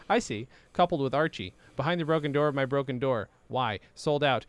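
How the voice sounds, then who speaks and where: A man's voice: medium pitch, normal speed, clean tone, dry recording. A man in his thirties in casual chat with a friend, reading old writing aloud and wandering into absurd, silly bits. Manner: absurd rambling, silly put-on voices. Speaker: podcast co-host.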